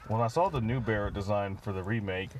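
A man's voice: on the low side, quick pace, a little hiss or hum. A man co-hosting a casual podcast, rambling with many fillers and restarts as he chats. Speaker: podcast co-host. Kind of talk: casual chat.

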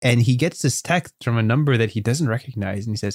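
Man, podcast host, improvised storytelling, animated, dry sound. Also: mid-range voice, fast, hardly any pauses, no room sound. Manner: animated, rambling with fillers.

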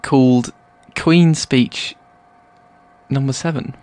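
A man co-hosting a comedic podcast, musing in a hesitant, deadpan way. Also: medium pitch, takes it slowly. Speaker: podcast co-host. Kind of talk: casual comedic podcast chat.

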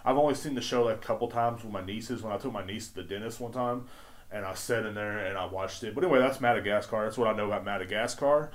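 A man's voice: lowish voice, quick pace. A man hosting a podcast in casual chat, rambling and laid-back, swearing often and leaning on fillers. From Texas. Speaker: podcast host.

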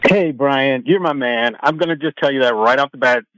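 A man calling in to a talk radio show, speaking quickly and in a friendly way, with stumbling restarts. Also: medium pitch, fairly bright tone, low-quality recording. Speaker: caller. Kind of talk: call-in radio chat.

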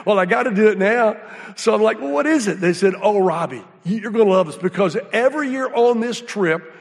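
Animated preacher man in a big hall. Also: high-pitched, brisk, vocal fry. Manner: animated storytelling, folksy, drops to hushed awe. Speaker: guest speaker. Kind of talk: sermon. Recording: hall reverb.

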